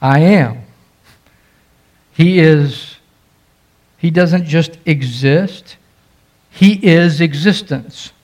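A man's voice: on the high side, very slow, pauses often, a little mellow. A man preaching a sermon as pastor, stressing key phrases emphatically.

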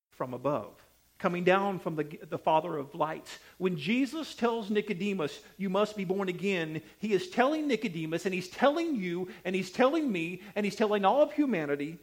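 A man preaching a sermon, emphatic and repetitive, with sharp swings between loud and soft delivery. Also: high voice. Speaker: pastor.

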